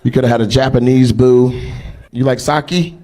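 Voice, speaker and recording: A middle-aged man doing stand-up crowd work on a live comedy stage, teasing audience members with loud, profane banter. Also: mid-range voice, fairly even intonation, normal speed.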